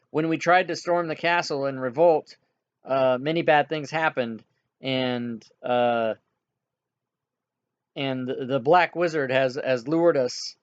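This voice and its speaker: Man doing a hoarse, stammering village priest. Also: medium pitch, dull audio, natural voice. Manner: rambling, stammering, mumbles to himself. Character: hoarse, muttering middle-aged male village priest.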